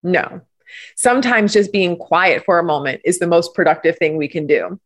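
A woman guest in a conversation, telling stories and explaining ideas with animated enthusiasm. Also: lowish voice, moderate pace. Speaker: guest, parenting coach. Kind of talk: conversational interview.

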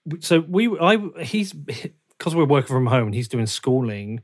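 A man's voice: medium pitch, sing-song, normal speed. A man hosting a remote interview, talking in an emphatic, indignant way. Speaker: interview host. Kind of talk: conversational interview. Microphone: video call.

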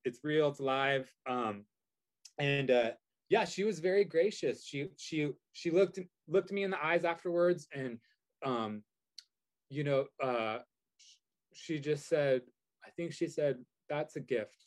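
A man's voice: on the high side, a little slow. A man telling a story in casual chat, rambling with many fillers and restarts. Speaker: guest.

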